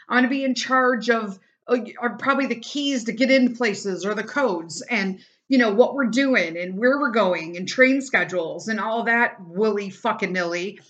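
A woman's voice: fairly high pitch, fairly bright tone, highs cut off. A middle-aged woman hosting a casual solo podcast, venting bluntly and swearing a lot as she talks about her family and her frustrations. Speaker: podcast host.

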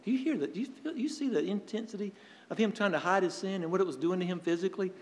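A male pastor preaching a sermon, earnest, telling stories and pausing for effect. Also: high voice, big-room sound. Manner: earnest preaching with storytelling and dramatic pauses.

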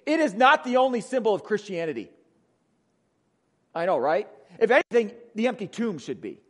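A man with a Wisconsin accent preaching a sermon as pastor, conversational, often asking "right?", moving between emphatic lines and hushed ones. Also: high-pitched, big pitch swings, moderate pace. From Wisconsin, USA.

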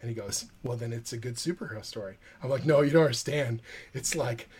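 A man, a comic book writer, telling a lively anecdote in a podcast interview and acting out the quoted dialogue. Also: mid-range voice, quick pace, slight background noise.

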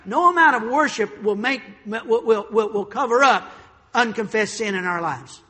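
A male pastor preaching a sermon in a church sanctuary, animated, repeating words as he builds a point. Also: sits high, normal speed, long reverb tail.

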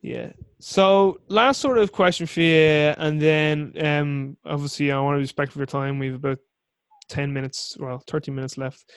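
Man, interview host, rambling, swears casually, bit high-pitched, dry close mic. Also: fairly even intonation, moderate pace, clear, resonant tone, no room sound. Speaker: podcast host.

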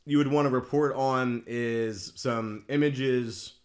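A man's voice: medium pitch, steady tone, slow. A man co-hosting a podcast in casual chat, easygoing and eager about movies. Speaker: podcast co-host.

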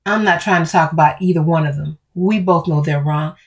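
A woman voicing an angry middle-aged husband who speaks in a low, quiet, threatening way. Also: fairly quick. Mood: weary.

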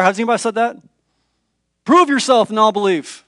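A man, a pastor with young children at home, preaching a dramatic sermon that moves between hushed and raised passages. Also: sits high, fairly quick, pauses often, no echo, studio quality.

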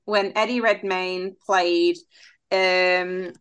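A woman's voice: on the low side, fairly even intonation, drawn-out words, fairly bright tone, slight background noise. Brief: female panelist, thoughtful, trips over her openings. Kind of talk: casual chat.

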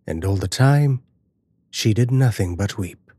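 A man giving a measured, dramatic scripted narration of a horror fairy tale. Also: fairly low pitch, lively intonation, dark tone, slightly rough, dry recording.

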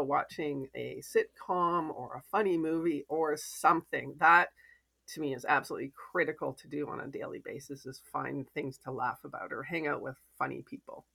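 A woman's voice: low-pitched, gravelly. A woman, a podcast guest and mentor, telling stories and advice in an earnest, reflective way. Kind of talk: casual interview chat.

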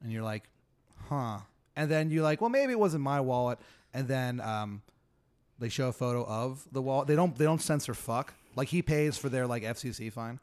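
A man improvising an absurd second-person story for a comedy podcast, rambling deadpan with many fillers. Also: medium pitch, fairly quick, clean tone. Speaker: podcast co-host.

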